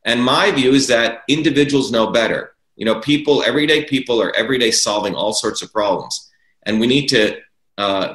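A man's voice: lowish voice, fairly bright tone. A man arguing his political views as an interview guest, emphatic and repeating key words for stress. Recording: roomy echo.

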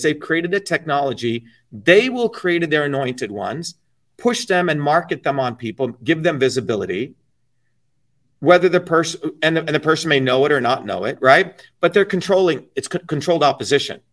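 A man's voice: a little high, a bit bright, recorded from a distance. A man being interviewed, telling stories in a blunt, emphatic and profane way. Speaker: interview guest. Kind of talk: casual interview talk.

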